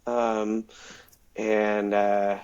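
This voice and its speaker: A man's voice: on the low side, very slow, clear, resonant tone. Guy on a podcast telling a long story, lots of ums and likes, voices the people he quotes, kinda dull lo-fi sound. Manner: animated storyteller, acts out quotes, many fillers. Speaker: guest, former automotive PR man.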